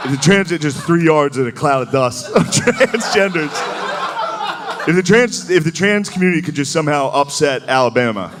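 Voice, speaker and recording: A man in his thirties working a live stand-up set, his pitch bouncing up and down as he rambles. He loads his talk with "like"s and slides into quick impressions. It is a stage mic recording with crowd laughter and some noise underneath. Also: animated. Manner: loose, rambling delivery with many "like"s and quick impressions. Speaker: stand-up comedian. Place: comedy venue with a laughing audience.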